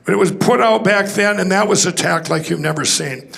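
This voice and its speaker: A man's voice: sits high, fairly quick, vocal fry, fairly bright tone. A man speaking to a conference audience, telling a rambling story with restarts and acting out the dialogue. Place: conference hall stage.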